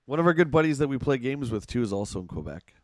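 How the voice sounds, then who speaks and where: A man's voice: medium pitch, big pitch swings, fast, darkish tone, no echo, studio quality. A middle-aged Canadian man with an Ontario accent, chatting casually on a live game stream, reading out chat and reacting to play. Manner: chatty, reads chat aloud, reacts to gameplay.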